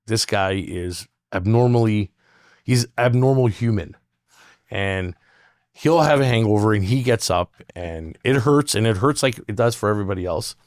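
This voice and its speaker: A man with a lowish voice spins loose, rambling stories in a casual podcast chat. He swears freely and breaks into laughs, and the sound is close and dry with no room around it. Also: moderate pace, no room sound. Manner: rambling storyteller, swears a lot, laughs often.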